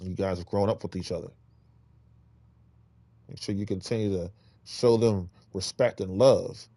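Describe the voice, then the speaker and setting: A man giving casual, rambling street-preaching advice, exhorting listeners with many restarts, swinging between loud emphatic bursts and low mutters. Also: fairly even intonation, normal speed, dry recording.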